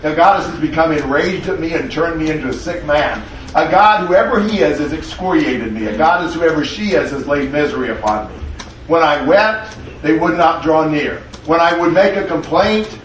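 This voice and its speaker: A man's voice: a little high, a little hiss or hum. A man leading a Bible class, teaching earnestly and reading an ancient prayer solemnly aloud. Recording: echoey room, mic far off.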